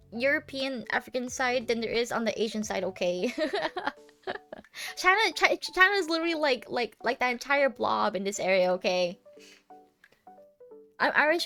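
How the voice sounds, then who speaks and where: A woman's voice: high voice, a bit bright. A young American woman streaming live, chatting casually and playfully with many restarts. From United States.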